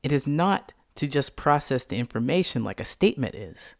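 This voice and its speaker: Male podcast host, animated storyteller, lively mid-pitched delivery. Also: normal speed, creaky, dry recording, clean studio sound. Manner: animated, reenacts scenes with voiced quotes. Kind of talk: personal storytelling monologue.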